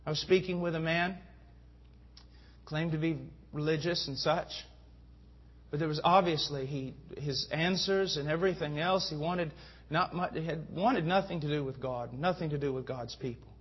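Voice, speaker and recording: A man's voice: fairly high pitch, normal speed, slightly rough. A man preaching a sermon with fervent delivery that rises to emphatic peaks. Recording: dull lo-fi sound.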